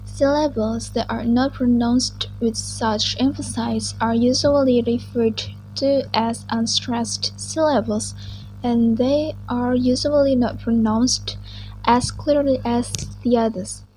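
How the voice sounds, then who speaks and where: Slow-reading young woman. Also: a little high, steady tone, darkish tone, slight background noise, poor audio. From Indonesia. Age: young adult. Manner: slow, careful reading with small restarts. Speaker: student presenter. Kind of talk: reading a class presentation.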